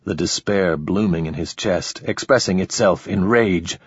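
A man reading a novel aloud in scripted, steady narration. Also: low-pitched, measured pace, few pauses, husky, no echo. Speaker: audiobook narrator. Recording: slightly dull lo-fi recording.

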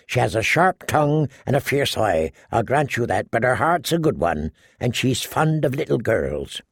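A man's voice: medium pitch, sing-song, moderate pace, husky, no room sound, clean studio sound. A man playing a wry, coaxing outlaw minstrel. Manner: easygoing, coaxing and drawling. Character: wry middle-aged male outlaw minstrel.

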